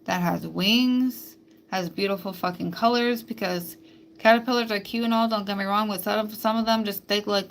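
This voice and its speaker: A woman's voice: mid-range voice, steady tone, moderate pace, slight background noise. A woman hosting a spiritual live stream, talking bluntly and emphatically with plenty of swearing. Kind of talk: casual live-stream monologue.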